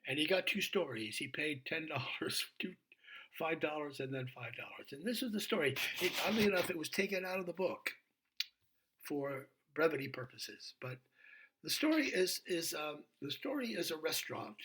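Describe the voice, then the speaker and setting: An older man, a priest, retelling a story in a video reflection, animated and dropping to a hushed whisper for emphasis. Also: a little high, normal speed. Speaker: Episcopal priest.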